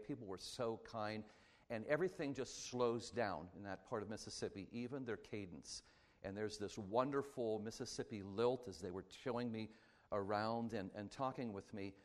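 Fast-talking preacher, low voice. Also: male voice. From Pittsburgh, Pennsylvania. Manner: fast-talking, chatty and joking. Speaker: traveling preacher. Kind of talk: sermon. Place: church sanctuary.

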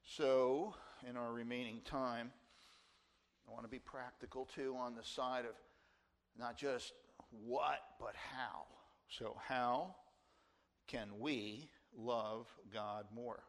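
A man's voice: mid-range voice, fairly even intonation, slow pace. A pastor in his sixties from New Jersey, preaching an earnest sermon and leaning hard on key words. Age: 60s. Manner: earnest, emphatic preaching with rising stresses.

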